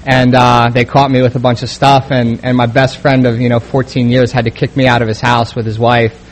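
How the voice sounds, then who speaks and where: Young man with a flat, halting voice. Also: mid-range voice, a little hiss or hum. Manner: halting, many fillers and restarts. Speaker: speaker sharing a recovery story. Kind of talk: personal testimony.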